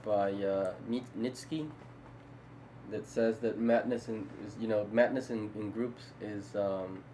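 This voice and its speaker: A man's voice: fairly low pitch, fairly even intonation, slow pace, mellow, a little hiss or hum, low-quality recording. A man co-hosting a podcast, talking in a loose casual chat with many restarts and laughs between thoughts. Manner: rambling, frequent restarts, laughs while talking. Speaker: podcast co-host.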